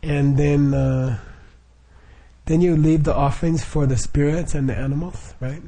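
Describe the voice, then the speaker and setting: A man's voice: fairly high pitch, fairly even intonation, unhurried, warm tone. A middle-aged man leading a Buddhist group, explaining the practice informally with frequent chuckles, fillers and restarts.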